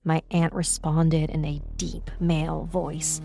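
A woman narrating a true ghost story in a steady, measured way. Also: deep voice, gravelly, dry recording. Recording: narration over music.

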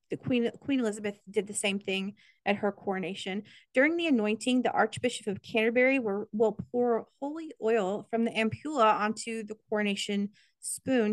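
A woman's voice: mid-range voice, no echo. An American woman co-hosting a casual podcast, chatty and earnest, sometimes choking up. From United States. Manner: chatty, earnest, gets emotional. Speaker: podcast co-host.

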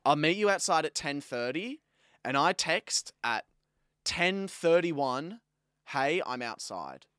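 A man's voice: fairly high pitch, animated, slow pace, bright, forceful tone, smooth, dry recording, clean studio sound. A young man co-hosting a casual podcast, arguing his point with playful mock outrage. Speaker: podcast co-host. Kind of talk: casual chat.

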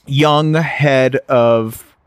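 A man's voice: mid-range voice, steady tone, drawn-out words, smooth, no room sound, studio quality. A young man co-hosting a podcast, setting up improv scenes and chatting. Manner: loose, sets up scenes. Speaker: podcast co-host. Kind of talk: casual podcast chat.

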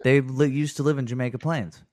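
A man in a casual chat, telling stories in an animated way and laughing through them. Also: medium pitch, brisk. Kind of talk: casual storytelling.

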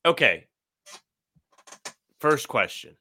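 A man's voice: medium pitch, sing-song, drawn-out words, sharp tone, husky. A man co-hosting a sports podcast, chatting casually in a blunt, sarcastic, profane way. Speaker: podcast co-host.

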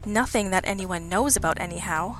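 A man's voice: very high-pitched, expressive, fairly quick, sharp tone, soft background music, exaggerated voice. A woman reading a storybook voicing a clumsy, nervous male police sergeant who is eager to please. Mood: fretful. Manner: anxious, fluttery and earnest.

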